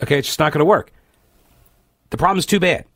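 A man hosting a political talk radio show, giving animated, exasperated commentary with many fillers and restarts. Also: on the high side, brisk, dry recording, studio quality.

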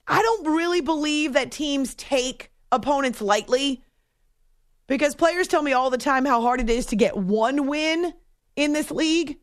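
Brief: woman sports radio host, bright high voice, emphatic and eager, dry close studio sound. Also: a little slow, dry recording. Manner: enthusiastic, emphatic, talks to callers. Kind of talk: animated sports talk radio. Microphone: studio microphone.

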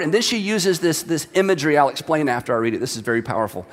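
A man's voice: a little high, fast, hardly any pauses, in a large hall. A man preaching a sermon, reading scripture aloud with dramatic emphasis. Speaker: pastor.

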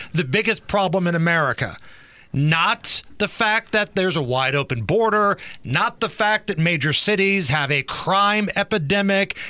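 A man's voice: high-pitched, sharp tone, dry recording. A man co-hosting a talk show, giving opinionated political commentary in a sarcastic, mocking manner.

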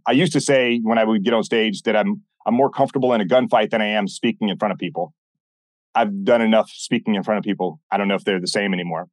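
This fast-talking man with a fairly low voice is a former military instructor appearing as a podcast guest. His casual interview stories are blunt, animated, and full of swearing and acted-out quotes, with no room sound.

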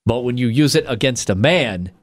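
A man's voice: mid-range voice, animated, normal speed, dry recording. A man co-hosting a comedy podcast, reading odd news stories aloud with plenty of swearing and jokes. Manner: reads news items aloud, profane, jokey. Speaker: podcast co-host. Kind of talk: casual comedic chat.

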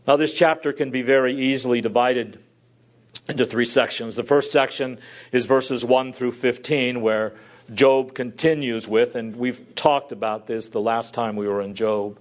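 A man preaching an expository sermon, earnest, swinging between loud emphasis and quiet drops. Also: medium pitch, unhurried.

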